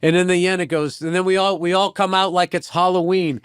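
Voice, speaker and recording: A man trades stories in a casual sit-down chat, swearing freely and wandering into asides. He slips into voices for the people in his tales. His voice sits fairly high and sounds dry and close. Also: fairly even intonation, fairly quick, smooth, dry recording. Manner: rambling, profane, trails off into asides. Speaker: stand-up comedian, interview guest.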